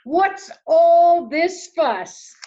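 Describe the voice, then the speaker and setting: A woman voicing a mother owl who speaks slowly and reassuringly to her chicks. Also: extremely high pitch, expressive, dark tone, lo-fi sound, voice pushed up, exaggerated voice. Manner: slow, soothing and reassuring. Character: calm, loving mother owl.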